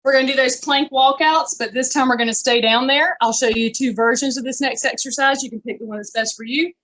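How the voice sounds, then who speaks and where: A woman's voice: high-pitched, fairly even intonation, fairly quick, a bit bright. A woman leading a live online pilates class, chatty and encouraging as she calls out each move. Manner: upbeat, chatty, encouraging coaching with folksy phrases. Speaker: fitness instructor. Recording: echoey room, voice from far off.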